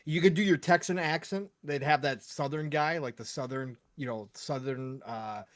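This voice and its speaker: A man's voice: a little high, normal speed, no room sound. A man co-hosting a casual podcast, teasing with short, dry replies. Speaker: podcast co-host.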